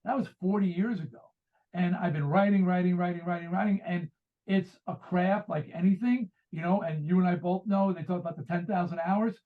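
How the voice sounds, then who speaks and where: Over a tinny remote connection that sounds like a phone, a high-pitched, brisk American man in his sixties rambles through stories in a casual interview. He's a guest author and musician, and he performs the dialogue he quotes.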